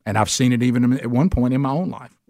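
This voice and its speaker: A man's voice: mid-range voice, quick pace, creaky, a little mellow, no room sound. A man teaching a men's Bible study in an earnest, emphatic preaching style, with a Southern US accent. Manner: earnest, emphatic preaching with sudden rises for stress. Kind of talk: sermon.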